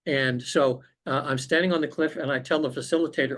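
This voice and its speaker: Speaking quickly with few pauses, a podcast guest on a remote call relates a personal spiritual experience in a mid-range, fairly bright voice. His manner is earnest and reflective.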